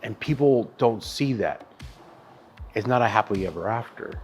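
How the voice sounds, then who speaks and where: In a casual interview, a thirty-something barbecue chef-owner shares his story with animation, swearing freely and calling the listener "dude" and "brother." His voice is fairly low at a moderate pace, with a little hiss or hum in the recording.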